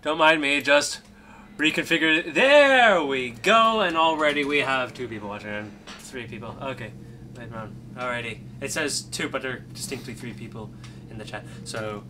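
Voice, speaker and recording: A man's voice: mid-range voice, expressive, normal speed, background noise. A young man streaming a video game, chatting casually and rambling, and laughing easily.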